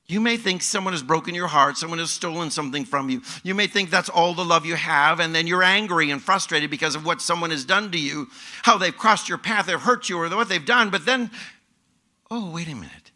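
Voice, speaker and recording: A man preaching a sermon and acting out the listener's voice in little scenes, dropping to hushed whispers and rising to loud outbursts. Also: fairly high pitch, a little fast. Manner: acts out the listener's voice in quoted asides. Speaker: pastor.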